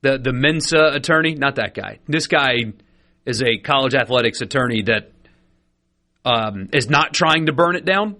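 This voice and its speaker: A man's voice: mid-range voice, normal speed, pushed and bright. A man hosting a sports radio show, chatty and opinionated, with frequent fillers. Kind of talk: casual sports talk radio. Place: radio studio.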